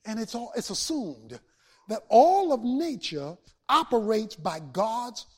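A man a sermon to his congregation, building from steady talk to shouted peaks and back down. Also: high voice, husky. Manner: preaching with swells to shouts and dramatic pauses. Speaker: pastor.

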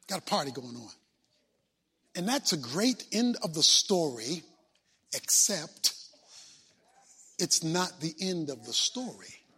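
A man's voice: a little high, pushed and bright, husky. A man preaching a sermon with an emphatic, repetitive delivery that draws in his congregation. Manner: emphatic, repetitive, call-and-response.

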